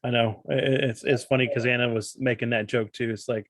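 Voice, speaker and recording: A man's voice: medium pitch, level tone, a little fast, no echo, studio quality. A man with a Texan accent, an easygoing podcast co-host who laughs a lot in casual chat. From Texas.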